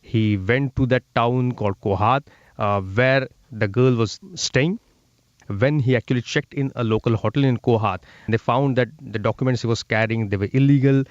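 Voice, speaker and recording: A man, a correspondent interviewed remotely, explaining events steadily with frequent pauses and fillers. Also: mid-range voice, dry recording, highs cut off. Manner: explanatory, fillers between phrases. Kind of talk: news interview.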